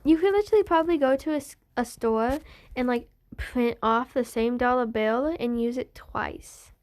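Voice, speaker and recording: A woman's voice: a little high, normal speed, a little mellow. A young woman casually telling a fan story, rambling with many fillers and restarts.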